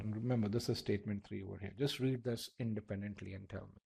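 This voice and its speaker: A man's voice: lowish voice, steady tone, quick pace, creaky, dark tone, breathy edge. A man teaching a live online class, asking the audience questions, repeating key points and often restarting his phrases. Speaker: test-prep instructor.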